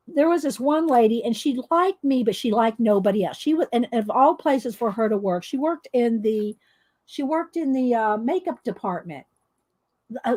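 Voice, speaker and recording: Chatty woman with a high voice. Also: darkish tone, no room sound. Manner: chatty, rambling, laughs often. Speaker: coloring video host. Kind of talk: casual storytelling while coloring.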